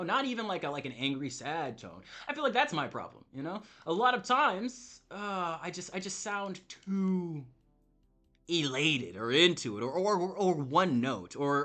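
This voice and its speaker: Male streamer, lively and bright, chatting loosely to viewers and swearing freely. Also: sits high. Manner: rambling, repetitive, profane. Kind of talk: casual live-stream commentary.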